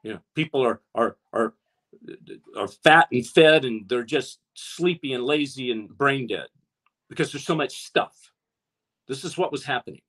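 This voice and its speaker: A man's voice: medium pitch, moderate pace, a bit bright. A man preaching an impassioned online sermon, with his voice rising as he exhorts his listeners. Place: streamed online, talking to a chat audience.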